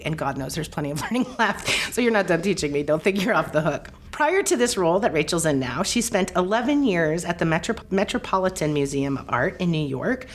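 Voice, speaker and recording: A woman hosting a casual interview podcast, playful and quick to laugh. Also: sits low, slight background noise. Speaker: podcast host.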